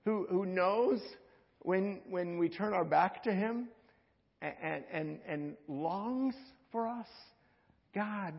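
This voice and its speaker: Gravelly-voiced man preaching in a hall. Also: sits high, takes it slowly, muffled recording. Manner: conversational, repeats words, dramatic swings from loud to hushed. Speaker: pastor. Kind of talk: sermon.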